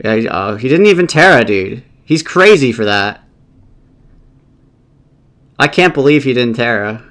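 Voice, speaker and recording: A man's voice: mid-range voice, animated, a little slow, a bit bright. Man thinking aloud mid-match. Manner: thinking aloud, casual and rambling; swears often, exasperated. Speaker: competitive game player. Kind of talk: live gameplay commentary.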